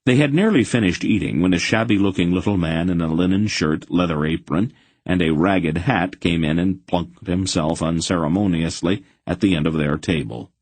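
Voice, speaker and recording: A man's voice: low voice, moderate pace, a little mellow, husky, no room sound. A man narrating a fantasy audiobook, putting on voices for the many characters.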